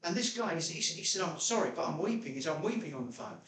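A pastor gives a chatty, storytelling sermon, his voice sitting a little high for a man. He is picked up from some distance in an echoey church room, so the reverb is plain. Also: animated, fast, a bit bright. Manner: chatty storytelling preacher, jumps to high pitch when quoting himself. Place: church hall.

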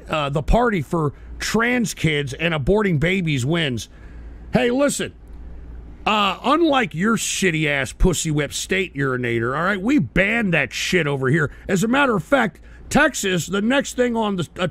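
A man hosting a live talk radio stream, ranting combatively with profanity and bursts of shouting. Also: high voice, creaky. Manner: mocking whiny impressions of critics.

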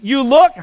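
A man's voice: high-pitched, vocal fry, darkish tone, low-quality recording. A man preaching a sermon as pastor, emphatic, repeating words for stress and asking the congregation questions. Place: church sanctuary.

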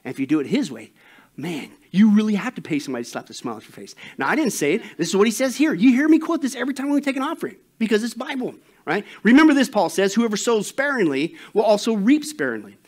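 A man preaching a sermon as pastor, animated and emphatic, telling a joke story. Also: sits high, very fast, slightly rough.

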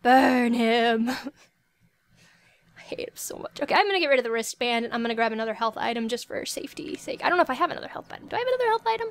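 A woman commentating her own gameplay, excitable and prone to yelping and shouting at the game. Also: on the high side, fast. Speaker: let's play gamer. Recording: game music loud behind voice. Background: loud game music.

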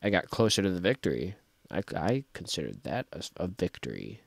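A man's voice: sits low, sing-song, brisk, vocal fry, no echo. A young man giving casual let's-play commentary, talking to himself, frustrated and joking as he plays. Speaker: gaming video host.

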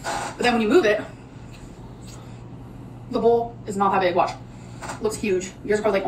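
A woman's voice: medium pitch, fairly even intonation, moderate pace, long pauses, far from the mic. A woman rambling chattily to her viewers in a casual cooking and eating vlog. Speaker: vlogger. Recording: noisy audio from off-mic.

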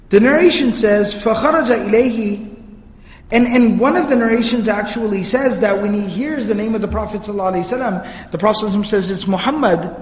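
A man giving a religious history lecture, telling the story earnestly and reciting Arabic passages. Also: sits high. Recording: echoey hall reverb.

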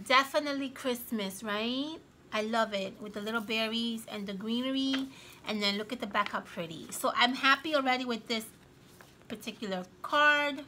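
Gushing, bright-voiced woman vlogger. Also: a little high, a little hiss or hum. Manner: gushing, excitable, frequent gasps and exclamations. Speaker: craft vlogger. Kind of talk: casual show-and-tell vlog.

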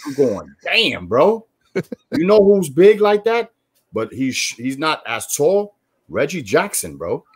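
A man from New York, a former baseball player, telling animated, profane stories in casual chat. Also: on the high side, measured pace, husky. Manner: animated, profane, storytelling with quoted voices.

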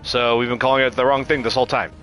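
A man's voice: medium pitch, fairly even intonation, quick pace, fairly bright tone, faint music behind. A man casually chatting with his viewers while livestreaming a video game, reacting as he plays. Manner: chatty, reacts to chat, frequent restarts. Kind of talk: casual gameplay livestream chat.

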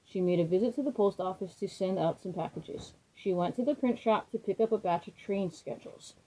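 A woman reading a children's storybook aloud in a gentle, expressive way. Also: mid-range voice, rough recording.

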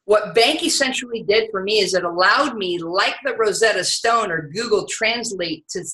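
Bright-voiced woman giving a sales talk. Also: mid-range voice, normal speed, roomy sound, poor audio. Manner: energetic, conversational, uses fillers like "you know". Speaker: sales trainer.

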